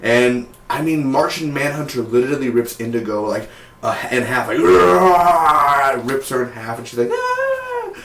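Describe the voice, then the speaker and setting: Young male reviewer, slangy and rambling, mid-pitch voice, echoey room. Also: brisk. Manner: excitable, slangy, rambling with fillers. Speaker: TV show reviewer. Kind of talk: casual recap. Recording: roomy echo.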